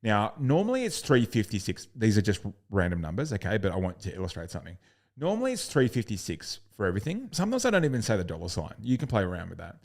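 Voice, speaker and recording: A man's voice: on the low side, huge pitch swings, fast talker, creaky. Profane, upbeat male sales coach. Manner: blunt, profane, upbeat, acts out sales calls. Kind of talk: recorded coaching lesson.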